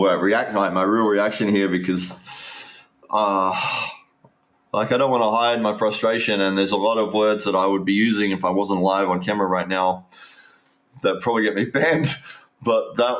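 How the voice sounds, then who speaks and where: A man's voice: on the low side, steady tone, moderate pace, fairly bright tone. A man giving casual, rambling live stream commentary, restarting sentences and talking straight to his viewers.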